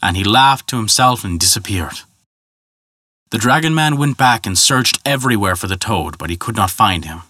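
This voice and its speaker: A man narrating a folk tale in a measured, scripted storytelling style. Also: lowish voice, lively intonation, bright, forceful tone, no echo, studio quality.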